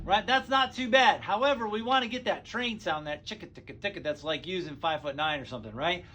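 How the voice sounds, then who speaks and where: A man giving a casual drum lesson in a relaxed, easygoing way, full of fillers, counting strokes aloud as he plays. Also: sits high, fairly quick, over music. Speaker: drum teacher. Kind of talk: casual instructional talk. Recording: speech over loud drumming. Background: loud drum kit playing.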